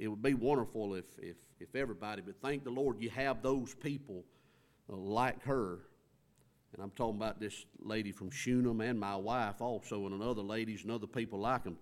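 A middle-aged man preaching a conversational sermon in a folksy, storytelling way, acting out quoted lines from scripture. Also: mid-range voice.

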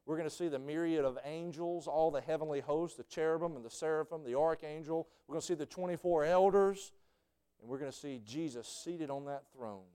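A male preacher, giving a sermon full of stories. His voice drops low and then bursts out in shouts. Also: fairly quick, clear, resonant tone. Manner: storytelling, swings from hushed to shouting.

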